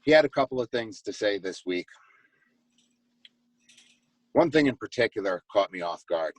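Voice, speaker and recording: A man's voice: on the low side, expressive, normal speed, no echo, poor audio. A man co-hosting a casual sports debate, building a sarcastic rant.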